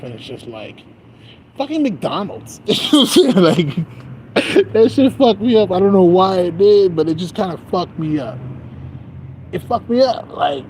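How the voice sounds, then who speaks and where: A young man streams outdoors beside a street with traffic, his voice fairly high with a darkish tone. He delivers a casual, rambling monologue that's loose and profane, packed with fillers and frequent laughter.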